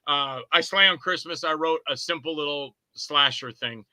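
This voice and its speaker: A man's voice: a little high, normal speed, sharp tone, no echo, low-quality recording. A man guesting on a podcast, a filmmaker telling rambling anecdotes about his movies and acting out scenes in character voices. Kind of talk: casual anecdotes.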